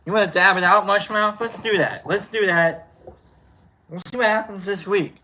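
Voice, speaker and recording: A woman's voice: mid-range voice, moderate pace, sharp tone, a little hiss or hum. A woman hosting a casual solo stream, rambling and playful, often repeating herself. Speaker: host.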